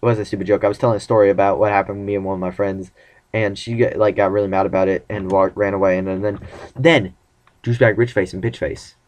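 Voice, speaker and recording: A man's voice: fairly low pitch, steady tone, fast, darkish tone. A teenage boy vlogging casually about his relationship, rambling and acting out the lines of the conversations he retells. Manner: rambling, acts out quoted dialogue. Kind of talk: casual personal vlog.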